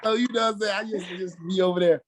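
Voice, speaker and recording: A former football player from Mississippi, telling stories casually and acting out quotes with lots of "you know what I'm saying". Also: male voice, high voice, fairly even intonation, racing. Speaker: former NFL fullback, podcast guest. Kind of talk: casual storytelling interview.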